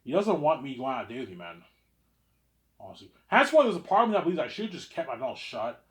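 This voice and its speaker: A man's voice: mid-range voice, big pitch swings, fast, a bit bright, roomy sound. A young man rambling in a casual vlog monologue, repeating words and restarting his sentences often. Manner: repetitive, stammering restarts. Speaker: vlogger.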